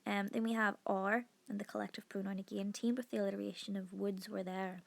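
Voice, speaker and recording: A woman teaching a lesson analysing a poem, explaining step by step with frequent pauses and fillers. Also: mid-range voice, flat delivery, vocal fry. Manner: explanatory, with frequent ums and restarts. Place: recorded over an iPad whiteboard presentation.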